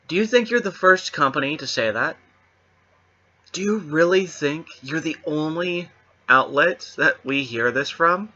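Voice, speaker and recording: A man's voice: a little high, animated, moderate pace, sharp tone, muffled recording. A man hosting his own channel, delivering a sarcastic, emphatic monologue straight to the camera. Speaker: channel host.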